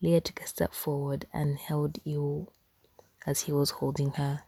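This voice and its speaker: A woman reads a tale in a hushed, unhurried whisper. Her voice sits low with a gravelly edge. The sound is dry and close. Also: level tone, no room sound. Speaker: storyteller. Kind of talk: whispered storytelling.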